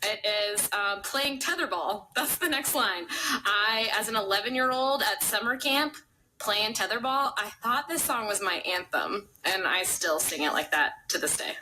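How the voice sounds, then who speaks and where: A woman co-hosts a casual chat with a bright, clear voice. She talks in a giggly, self-conscious way, full of likes and ums. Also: mid-range voice, animated, a little slow, a little hiss or hum, poor audio. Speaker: podcast co-host.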